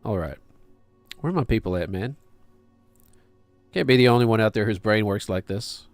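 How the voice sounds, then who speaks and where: A man's voice: fairly low pitch, normal speed, no echo, faint music behind. Man thinking aloud over a game. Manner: thinking aloud, talking to himself and chat. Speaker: game streamer. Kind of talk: casual gameplay commentary.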